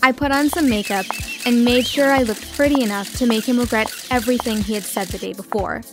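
A woman narrating a dramatic first-person story with expressive delivery. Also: on the high side, a little fast.

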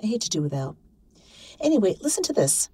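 A woman's voice: medium pitch, sing-song, fast, mellow, husky, no echo, pitched above the performer's own voice. A woman reading as a forthright chatty activist woman.

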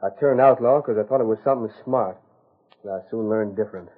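A young male ranch foreman with a shady past on a 1930s radio western, his drawl husky and a little breathy. It sounds thin and narrow, like an old broadcast. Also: on the low side, fast. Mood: defiant. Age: young adult. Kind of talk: 1930s radio drama acting.

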